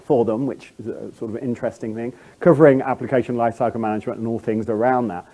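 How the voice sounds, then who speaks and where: Chatty middle-aged Englishman with a mellow voice. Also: medium pitch, steady tone, fast talker. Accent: English, standard British. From England. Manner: self-deprecating, chatty, many fillers and restarts. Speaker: conference speaker. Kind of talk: conference talk.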